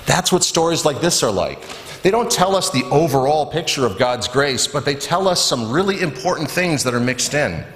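A man voicing a kind, chatty churchwoman who explains things gently, recorded in an echoey church. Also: fairly high pitch, very animated, normal speed. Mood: explaining. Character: warm, chatty middle-aged churchwoman. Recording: echoey church with long reverb.

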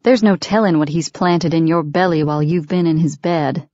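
A woman's voice: fairly low pitch, normal speed, darkish tone, no room sound, close to an everyday voice. A woman reading as a fanatical, contemptuous middle-aged father, a villain in an audiobook who sneers and threatens. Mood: menacing. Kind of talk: audiobook character voice. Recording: dry, dull lo-fi recording.

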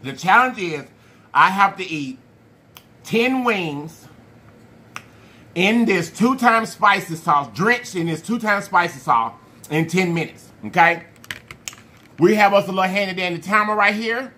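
A man hosting a food challenge vlog, talking to viewers in an animated, playful way with slang and drawn-out hype calls. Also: high-pitched. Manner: slang-heavy, addresses viewers as y'all. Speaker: mukbang channel host. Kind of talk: casual vlog talk to viewers.

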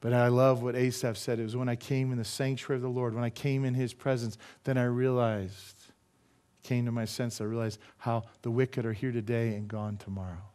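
A man's voice: medium pitch, level tone, a little fast, darkish tone. A middle-aged man preaching a sermon as pastor, emphatic and full of rhetorical questions to the congregation.

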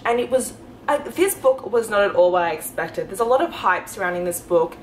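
A young woman talking casually in a reading vlog at home, excited and rambling, gushing with lots of fillers. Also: mid-range voice, a little fast, slight background noise, rough recording. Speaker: book vlogger.

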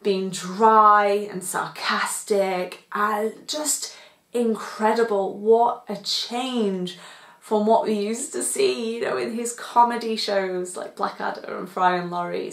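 A young British woman talks through a TV review in a casual, enthusiastic vlog. She laughs easily between thoughts. Her voice sits at an ordinary pitch and rings in a noticeably echoey room. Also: a bit bright. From Britain. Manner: chatty, enthusiastic, laughs often. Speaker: TV review vlogger.

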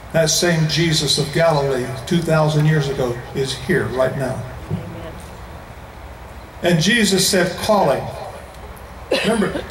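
A man with an American accent preaching an emphatic evangelistic sermon to a large crowd, slowing down to stress key phrases. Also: on the high side, background noise. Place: large indoor event venue. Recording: echoey hall, voice from far off.

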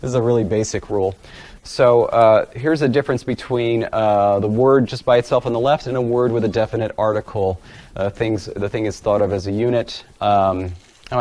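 A man with a fairly low voice gives an academic lecture with slides. His delivery is casual and self-deprecating, full of "uh"s and restarts. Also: darkish tone. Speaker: guest lecturer.

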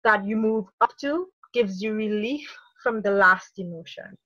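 A woman speaking as a parenting coach in a podcast interview, energetic, often acting out inner dialogue in quotes. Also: medium pitch, measured pace, no echo, muffled recording.

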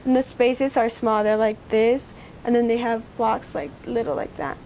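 A teenage girl speaks in a fairly high voice that stays level and even, with little rise or fall. She recounts a personal memory for an oral history interview in a halting way. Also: a little hiss or hum. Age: teens.

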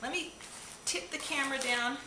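Her high voice moves at normal speed as this beauty vlogger opens a gift package on camera, gasping and gushing over every item. The audio comes from a tripod-mounted camera in an echoey room with audible noise.

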